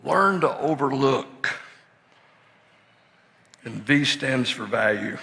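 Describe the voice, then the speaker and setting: Gravelly older preacher man in a reverberant hall. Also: mid-range voice, takes it slowly. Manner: storytelling, swings from hushed to excited shouting. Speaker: pastor. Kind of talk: sermon. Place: church sanctuary. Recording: long hall reverb in a church.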